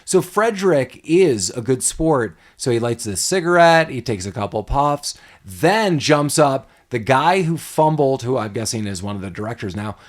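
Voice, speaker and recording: A man co-hosting a podcast, casually recapping a film with lots of laughter and animated retelling. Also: mid-range voice, normal speed, hardly any pauses. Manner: laughs often, animated retelling with acted quotes. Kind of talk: casual chat.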